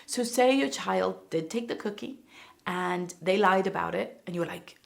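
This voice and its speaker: A woman with a gravelly edge to her voice talks straight to camera in a parenting lesson. She explains step by step in a calm, even way, slipping into short acted quotes of parent and child to show her point. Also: medium pitch, normal speed. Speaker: parenting educator. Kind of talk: instructional talk to camera.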